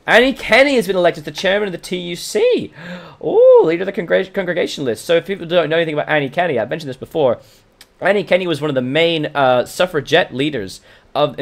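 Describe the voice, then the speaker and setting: A man with a mixed British and American accent, hosting a let's-play recorded from a livestream. He reads in-game event text aloud and chats casually with his viewers. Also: on the high side. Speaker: gaming channel host.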